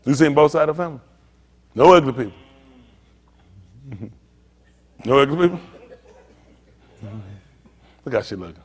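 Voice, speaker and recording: An older man, a pastor, swapping funny stories and teasing the people around him. His voice sits a little high and swings all over the place. A long hall reverb trails after every line. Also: moderate pace, pauses often. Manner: animated, teasing, loose and joking. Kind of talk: comedic storytelling to a group.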